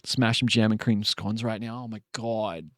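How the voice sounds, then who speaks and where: A man's voice: lowish voice, level tone, moderate pace, no room sound, studio quality. A man in his forties, a streamer, casually chatting and ranting wryly while reacting to videos. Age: 40s. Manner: ranting, wry and exasperated.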